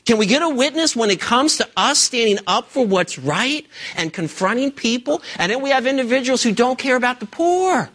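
High, bright-voiced preaching man. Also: animated, moderate pace, few pauses. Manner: emphatic preaching with rhetorical questions to the congregation. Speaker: pastor. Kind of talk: sermon. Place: church service before a congregation.

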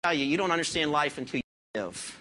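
Bright-voiced preacher firing rhetorical questions. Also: medium pitch, lively intonation, fast. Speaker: pastor. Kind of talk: sermon.

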